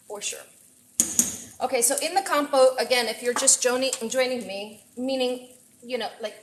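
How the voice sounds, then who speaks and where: A woman chef hosting a casual live cooking stream, chatty and excitable as she greets viewers from her kitchen. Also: a little high, slight background noise, rough recording. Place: home kitchen. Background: faint frying and sizzling.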